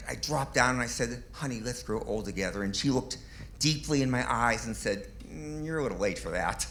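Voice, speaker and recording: A man's voice: medium pitch, noisy background. A man in his fifties doing a stand-up comedy set on a club stage, delivering self-deprecating punchlines with little chuckles.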